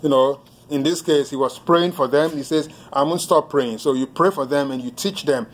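A man preaching a sermon as pastor, halting often with fillers and restarts as he reads hymn lines aloud and explains them. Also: a little high.

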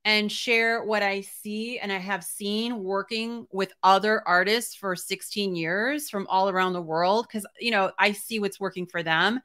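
A woman hosting a casual interview as an art business coach, lively and talkative with frequent laughs. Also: medium pitch, unhurried, few pauses.

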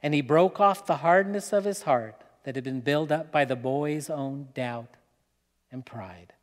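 Man, preacher, slow dramatic storytelling, high voice, long church reverb. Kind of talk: sermon storytelling. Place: church hall.

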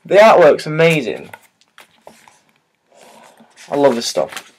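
A man's voice: on the high side, wildly swooping pitch, takes it slowly, breathy edge. A man chatting casually and hesitantly as he unboxes and shows a new book, with many fillers and restarts. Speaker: vlogger.

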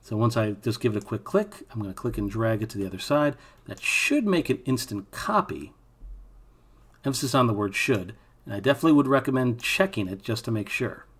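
A young man with a slightly husky voice talks through a software tutorial as he works. His delivery is relaxed and informal, with offhand asides while keys click and a mouse taps in the background. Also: on the low side, quick pace. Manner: thinking aloud while working, casual asides. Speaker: animation instructor. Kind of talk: screen-recorded software tutorial.

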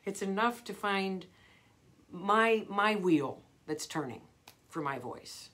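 A woman's voice: medium pitch, lively intonation, slow, fairly bright tone. A middle-aged woman vocal coach giving a live motivational talk, earnest and emphatic, repeating her key phrases.

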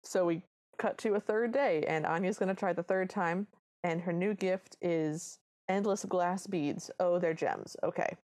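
A woman's voice: lowish voice, a little slow, a little mellow. A woman co-hosting a podcast, chatting enthusiastically about a film with plenty of "like"s. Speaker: podcast co-host. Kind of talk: casual chat recapping a film.

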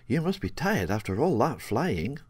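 A man's voice: medium pitch, sing-song, normal speed, husky, no room sound, pitched above the performer's own voice. A man voicing a curious, eager little girl in a storybook reading.

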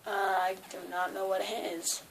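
A woman chatting casually and playfully during a vlog game, teasing and quick to laugh. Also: mid-range voice, little pitch movement. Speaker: vlogger playing an accent guessing game.

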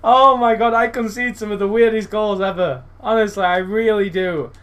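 A young man commentating live on his own football video game match. He is excitable, shouting encouragement and groaning at his players, with his voice jumping sharply higher when a chance comes. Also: normal speed, smooth. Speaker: gaming YouTuber.

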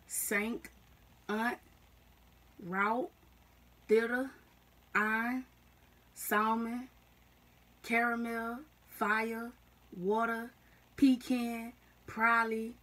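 A woman's voice: on the high side, fairly bright tone, distant mic. A young woman with a Southern US accent, chatting casually to camera in a slangy, emphatic way. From Southern United States. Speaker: vlogger.

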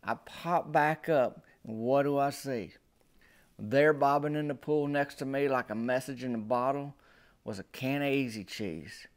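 A man telling a comic story in a folksy, animated drawl. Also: mid-range voice, a little slow. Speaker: storyteller and comedian.

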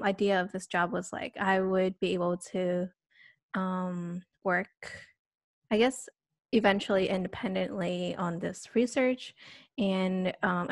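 A woman's voice: medium pitch, no room sound, studio quality. Hesitant young woman podcast host. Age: young adult. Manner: hesitant, lots of fillers and self-corrections. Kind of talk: casual podcast chat.

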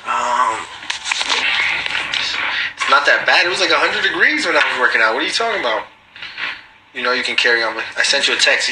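A man's voice: medium pitch, lively intonation, brisk, pauses often, very noisy. A man casually chatting on a phone livestream, reading viewer comments aloud and answering them in slangy, swearing talk. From Guatemalan family. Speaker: livestreaming reality TV personality.

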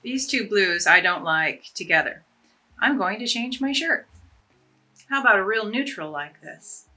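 Upbeat woman vlogging a scarf try-on, bright tone, bit husky, jokes about herself. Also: medium pitch, expressive, measured pace. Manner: chatty, enthusiastic, self-deprecating. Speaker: fashion vlogger. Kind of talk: casual try-on demonstration.

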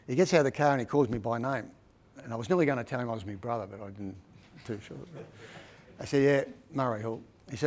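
A man's voice: medium pitch, fast, darkish tone. Chatty Australian man telling stories. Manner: chatty, repeats "right?" often, rambling with restarts. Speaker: author giving a book talk. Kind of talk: casual storytelling presentation.

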